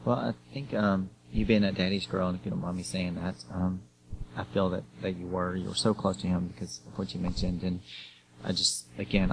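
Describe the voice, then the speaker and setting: A man hosting an interview, speaking gently and sympathetically with many hesitations. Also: low-pitched, gravelly. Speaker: host. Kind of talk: interview conversation. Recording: audible background noise.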